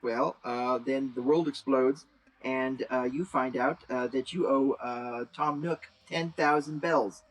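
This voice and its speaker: In a rough recording, a man serves as game master for a tabletop RPG, narrating at a slow pace in a steady tone. His talk is loose and full of fillers, punctuated by bursts of high, shouted character voices.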